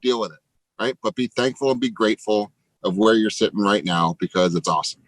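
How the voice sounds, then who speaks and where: A man's voice: lowish voice, a little fast, no echo, rough recording. Guy hyping up his team, punchy and loose, swears a bit, dry sound. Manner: energetic, emphatic, swears casually. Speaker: real estate team leader. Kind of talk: motivational pep talk.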